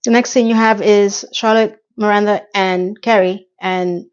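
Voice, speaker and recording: A woman recapping a TV episode in a casual chat, talking in a lively way with quick asides and questions to her viewers. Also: medium pitch, lo-fi sound. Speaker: TV recap reviewer.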